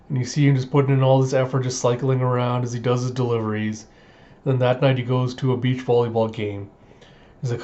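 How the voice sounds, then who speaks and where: Animated man recapping a manga chapter. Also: medium pitch, lo-fi sound. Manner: animated, acts out character lines in quick put-on voices. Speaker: manga reaction host.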